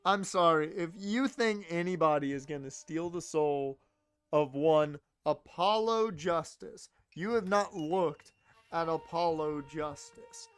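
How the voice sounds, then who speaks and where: A man's voice: fairly high pitch, takes it slowly, smooth, no echo. Joking, sarcastic male game streamer. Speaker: let's play streamer. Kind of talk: casual gameplay commentary.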